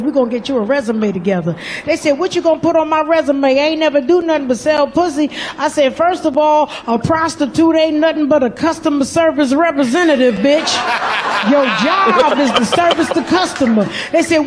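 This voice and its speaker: A male comedian playing a foul-mouthed former streetwalker who now works at a rehab, in a loud, bawdy, drawling stand-up bit recorded live. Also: very high-pitched. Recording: live club set, loud crowd and noise. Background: audience laughter.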